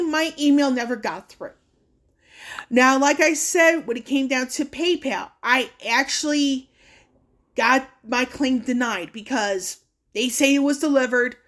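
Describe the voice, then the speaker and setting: A woman's voice: sits high, a bit bright. A woman vlogger talking casually through a screen recording, earnest and warning, with fillers and restarts. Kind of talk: casual screen-share walkthrough.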